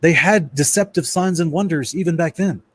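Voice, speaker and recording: A man's voice: on the high side, moderate pace, husky. A man giving a casual lecture-style Bible study presentation. He talks to his listeners as guys and stumbles and restarts now and then while reading passages aloud.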